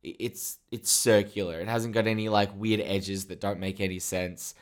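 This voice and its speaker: A man's voice: fairly low pitch, fairly even intonation, normal speed. Rambling, joking podcast co-host man. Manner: rambling, joking, trails into quoted asides. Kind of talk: casual chat reviewing a TV show.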